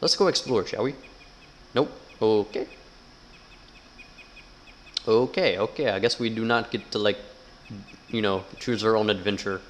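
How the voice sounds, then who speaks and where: A man's voice: fairly low pitch, a little slow, pauses often, slight background noise, poor audio. A man giving casual, sarcastic gameplay commentary, swearing a lot and reading game text aloud. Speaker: gamer.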